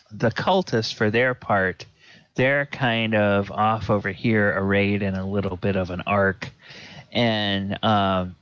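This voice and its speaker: A man runs a tabletop game in a slow, unhurried narration, hesitating often with ums and restarts. The recording is dry and close, with a dull lo-fi tone. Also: lowish voice, a bit bright, smooth, no echo. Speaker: game master.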